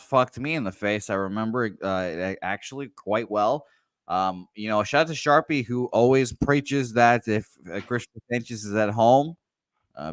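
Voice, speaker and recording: A man's voice: on the low side, a bit bright, clear, resonant tone, dry recording, studio quality. A man hosting a sports betting show, talking loosely with lots of fillers and the odd curse. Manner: loose, profane, rambling with fillers. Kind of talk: casual sports betting chat.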